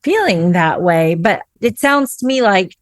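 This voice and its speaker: A woman's voice: mid-range voice, lively intonation, a little slow, dry recording. Earnest American woman co-host, dry sound. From United States. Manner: earnest and warm-hearted. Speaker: podcast co-host and teacher. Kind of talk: casual interview chat.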